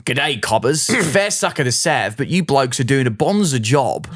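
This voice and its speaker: A man's voice: medium pitch, lively intonation, normal speed, a bit bright, dry recording, clean studio sound, voice pushed up. A man putting on a mock Australian accent to voice a cheery male letter writer with a slangy drawl. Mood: jokey. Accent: put-on Australian.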